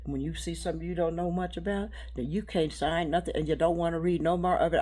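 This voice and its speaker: A woman giving a rambling, preachy spiritual monologue, halting and repeating words, dropping to a hush and then rising loud. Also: deep voice. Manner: preachy, swings between hushed and loud.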